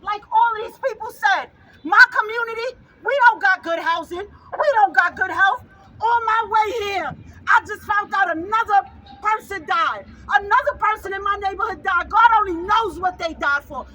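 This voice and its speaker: A grieving mother speaking at an outdoor rally, fervent and repetitive, often rising to a shout. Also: extremely high pitch, moderate pace, slight background noise, rough recording. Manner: fervent, raises voice to a shout, repeats phrases. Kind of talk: impassioned protest speech.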